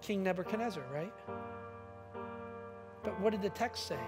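A man preaching a sermon as a pastor. He builds up to emphatic, forceful peaks and drops to quiet asides, and he often repeats a word when he restarts a sentence. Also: high-pitched, normal speed, pauses often, music in the background.

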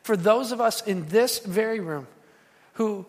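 A man's voice: high voice, a little slow. A man preaching a sermon to his congregation, telling stories with emphatic, repetitive phrasing. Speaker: pastor.

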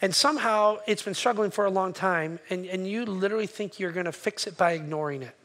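A man with a high-pitched voice delivers a sermon from the pulpit. He keeps it conversational, often turning to the congregation with a quick "right?" to check they are following. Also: a bit bright. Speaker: pastor. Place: church sanctuary.

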